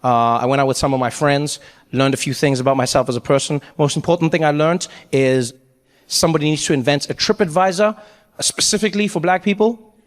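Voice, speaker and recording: A man's voice: on the high side, a little fast. South African man doing stand-up. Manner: animated storytelling, acting out characters. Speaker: stand-up comedian. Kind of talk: stand-up comedy. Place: large hall with audience. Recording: echoey hall, faint crowd ambience.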